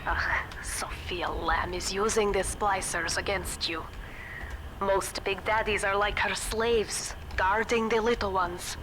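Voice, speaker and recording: An actress voicing a calm woman scientist guiding the player in a video game, measured and urgent, heard as game audio over background noise. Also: medium pitch, over music, natural voice, rough recording. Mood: hushed urgent.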